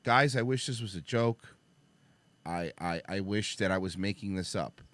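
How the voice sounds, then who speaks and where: A man's voice: low-pitched, moderate pace, dry recording. A man hosting a talk show, telling a story in casual chat, swearing and acting out the people he met. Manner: animated, profane, acts out the other people in the story. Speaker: podcast host telling a story.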